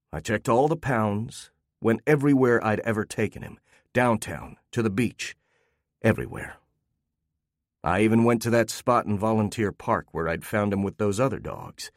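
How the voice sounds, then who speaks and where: Low-voiced man reading a story. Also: darkish tone, dry recording, clean studio sound. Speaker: narrator. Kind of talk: first-person audiobook narration.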